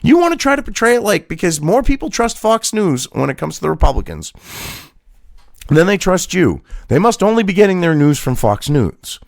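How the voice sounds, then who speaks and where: A man's voice: high-pitched, sing-song, normal speed, creaky, no echo, clean studio sound. A man, hosting a profane rant reacting to a news article, angry and mocking and swearing constantly. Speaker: political commentary host.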